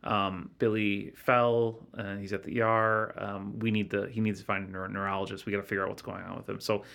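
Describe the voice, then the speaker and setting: A man guest on a podcast telling a personal story in a halting, earnest way, with many restarts. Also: on the low side, little pitch movement, vocal fry, a bit bright. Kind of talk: casual storytelling.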